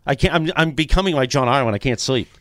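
A man co-hosting a sports radio show, telling rambling stories in an animated way. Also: medium pitch, fast, dry recording. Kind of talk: casual sports radio banter. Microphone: studio microphone.

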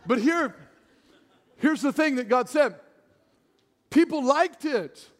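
High-voiced pastor in an echoing hall. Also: male voice, lively intonation, slow pace. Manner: storytelling, self-deprecating, laughs often. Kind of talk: sermon. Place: large church hall. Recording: long hall reverb.

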